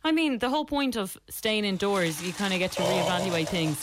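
A woman co-hosting a radio show, easygoing and quick to laugh. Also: mid-range voice, animated, heavy background noise. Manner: giggly, easygoing. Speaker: radio co-host. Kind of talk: casual radio chat. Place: radio studio.

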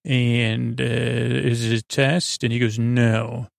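A man with a gravelly, creaky voice loosely recaps a story in casual chat, stumbling and filling pauses as he goes. His delivery stays flat and even, recorded close on a dry mic. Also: medium pitch, no room sound. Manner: loose, halting, many fillers, quotes characters in plain voice. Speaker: podcast host recapping an episode.

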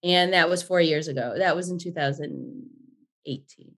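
A woman in her forties, a podcast guest, telling stories in a lively, chatty way and swearing freely. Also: fairly low pitch, normal speed. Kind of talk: casual storytelling chat.

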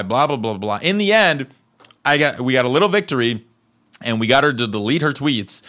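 A man hosting his own show, telling a story in an animated, profane way and acting out the people he quotes. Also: medium pitch. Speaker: podcast host.

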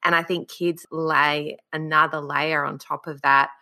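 Woman host, low voice with a crisp bright edge, engaged and agreeable. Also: flat delivery, a little slow. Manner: warmly agreeing, engaged listener. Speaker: interviewer. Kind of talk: conversational interview.

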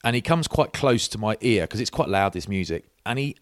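Middle-aged man, lower voice, animated storyteller, dry studio sound. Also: brisk, no echo. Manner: lively storyteller, says mate a lot. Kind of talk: casual chat, anecdote telling.

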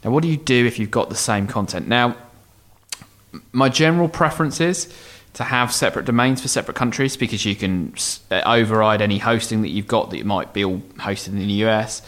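Podcast co-host, male, lowish voice, casual advice-giving, lots of ums and self-corrections. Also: a little fast, fairly bright tone. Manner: rambling, thinks aloud with many ums and restarts. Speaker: podcast co-host answering listener questions. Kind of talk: casual explanatory chat.

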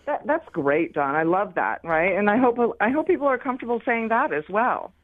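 A woman's voice: mid-range voice, animated, fairly quick, no room sound. Woman on a tinny phone line. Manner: thoughtful, restarts sentences. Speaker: career expert guest. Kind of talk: radio call-in chat.

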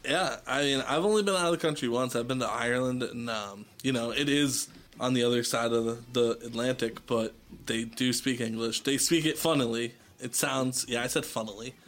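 Boston-accented male podcast host, mid-pitched, loose jokey chat with some swearing. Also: brisk, a bit bright. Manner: joking, loose and profane. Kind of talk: casual chat.

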